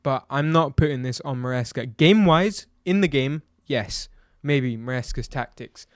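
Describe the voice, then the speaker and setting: A man's voice: mid-range voice, moderate pace, smooth, no echo, clean studio sound. A man giving a blunt, exasperated football match review, ranting and firing off rhetorical questions. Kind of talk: opinionated match review vlog.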